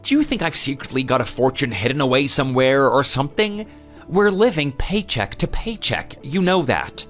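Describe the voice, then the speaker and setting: A man's voice: medium pitch, sing-song, moderate pace, fairly bright tone, soft background music. A man voicing a defensive, exasperated husband and son.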